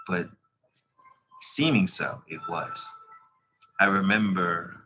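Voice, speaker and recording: A man voicing a composed, centuries-old male vampire, in a measured and unhurried read-aloud manner. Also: low-pitched, bright, forceful tone, a little hiss or hum, exaggerated voice, rough recording. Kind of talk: reading a novel aloud.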